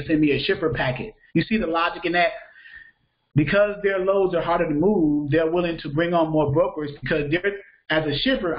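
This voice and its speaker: Guy running a freight broker class, slightly high voice, muffled lo-fi sound, keeps asking "right?". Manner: conversational, repeats phrases, checks understanding with questions. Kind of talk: live training class.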